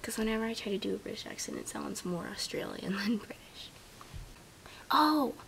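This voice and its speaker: A woman's voice: medium pitch, expressive, moderate pace, vocal fry. A young American woman doing a comedy sketch vlog, giggly and often half-whispering. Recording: noisy home camera recording.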